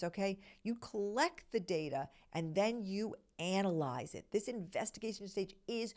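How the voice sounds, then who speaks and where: At medium pitch and a fairly quick pace with hardly any pauses, a middle-aged podcast host animatedly teaches a self-discovery method. She is earnest and conversational, frequently asking "okay?" and dropping into soft whispers.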